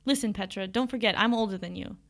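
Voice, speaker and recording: A woman's voice: medium pitch, fast, gravelly, natural voice. A woman reading as a sneaky older brother. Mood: evasive. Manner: evasive, hushed, conspiratorial. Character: secretive scheming young man, an older brother. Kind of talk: audiobook character voice.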